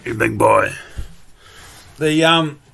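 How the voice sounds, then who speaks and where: A man's voice: mid-range voice, slow pace, gravelly, fairly bright tone, breathy edge. A man ranting angrily and profanely, full of exasperated repetitions. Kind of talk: angry solo rant.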